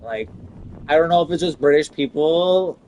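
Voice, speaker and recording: A man's voice: a little high, lively intonation, normal speed, a little mellow, a little hiss or hum, poor audio. A man ranting casually and profanely while playing a video game, rambling with lots of "like" and quoted voices. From Italian. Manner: profane, rambling rant full of "like". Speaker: gaming streamer.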